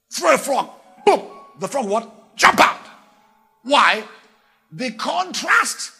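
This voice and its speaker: A man preaching a sermon, animated and theatrical, acting out little voices. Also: very high-pitched. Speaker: pastor.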